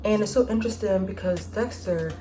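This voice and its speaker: A woman's voice: medium pitch, a little fast, over music. A woman in her twenties hosting a casual vlog, chatting in a slangy, profane way with side remarks. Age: 20s. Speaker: vlogger host. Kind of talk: casual nostalgic chat.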